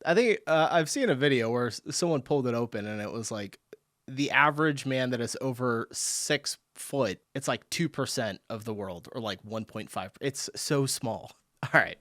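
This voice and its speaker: A man's voice: medium pitch, animated, normal speed, a bit bright, no echo, clean studio sound. A man hosting a reaction video, chatting casually, laughing often and thinking aloud.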